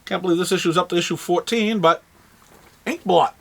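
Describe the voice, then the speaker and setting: High-voiced New England man. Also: brisk, creaky, fairly bright tone. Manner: rambling, with frequent fillers and restarts. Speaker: comic shop host. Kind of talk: casual product rundown.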